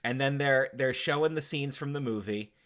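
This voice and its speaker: Excitable swearing man recapping a movie. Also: medium pitch, normal speed. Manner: animated, swears a lot, acts out movie quotes. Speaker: podcast co-host. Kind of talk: casual chat.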